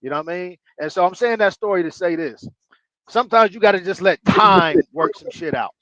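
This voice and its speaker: Brief: male storyteller, higher voice, slangy and loose, dull dry lo-fi sound. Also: animated, fairly quick, a bit bright, no echo. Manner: loose, slangy street storytelling with many fillers. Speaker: panel guest. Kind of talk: storytelling on an audio panel.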